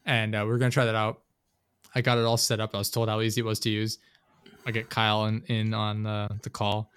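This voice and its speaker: A man's voice: lowish voice, monotone, a bit bright, clean tone, dry recording. Laid-back swearing young man. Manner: loose and profane, retelling scenes with quick impressions. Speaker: podcast host. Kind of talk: casual chat.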